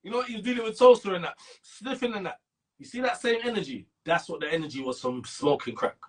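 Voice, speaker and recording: A middle-aged man from Brixton speaks with a South London accent and a slightly high, husky voice. He talks in animated street slang and swings up sharply in pitch when he makes a point. It is a casual interview. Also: fast. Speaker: interview guest.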